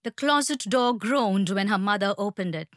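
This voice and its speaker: A woman narrating a story in a hushed, tense, measured way. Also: mid-range voice, no room sound, clean studio sound.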